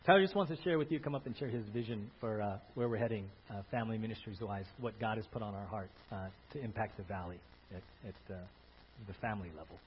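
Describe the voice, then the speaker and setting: A man working as a pastor, making an animated church announcement with plenty of fillers and restarts. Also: on the low side, fast. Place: church sanctuary. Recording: dull lo-fi church audio, faint hum.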